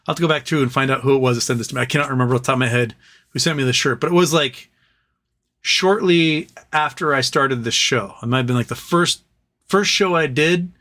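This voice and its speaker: A man's voice: medium pitch, fast, pushed and bright. A man hosting a casual livestream, reading viewer messages aloud and joking and rambling between them. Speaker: livestream host reading super chats.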